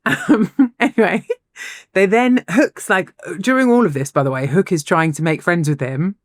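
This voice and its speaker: A woman with a low voice co-hosts a podcast and tells a story in a relaxed, chatty way. She is animated, laughs often and restarts her phrases. The recording is dry and close. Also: normal speed, dry recording. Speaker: podcast co-host. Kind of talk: casual storytelling chat.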